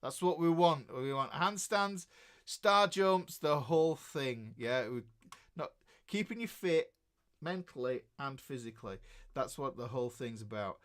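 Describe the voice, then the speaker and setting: A man's voice: mid-range voice, a little slow, fairly bright tone. A man in his fifties with a Northern English accent, a guitar teacher chatting casually on a live stream as he reads out viewers' comments, rambling with many restarts and chuckles. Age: 50s.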